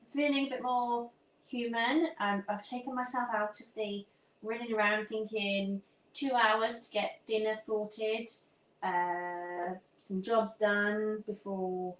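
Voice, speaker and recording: A woman's voice: medium pitch, fairly even intonation, slow, slight background noise. A woman from England with a near-standard southern English accent, hosting a casual live stream from home. She chats to viewers while fiddling with her phone and laptop, scattered and talking to herself. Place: room at home. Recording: echoey room with faint ambience.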